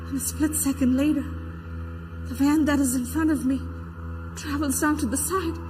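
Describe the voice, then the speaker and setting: An actress playing an adult female protester in a verbatim theater monologue, giving eyewitness testimony and acting out the voices she quotes. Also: high-pitched. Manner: vivid retelling that acts out quoted voices. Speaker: stage actor.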